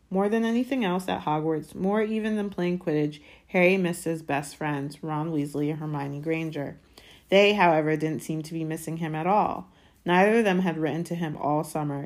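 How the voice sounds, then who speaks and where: A woman's voice: low-pitched, darkish tone. Woman reading a children's novel aloud. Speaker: audiobook reader. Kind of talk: audiobook reading.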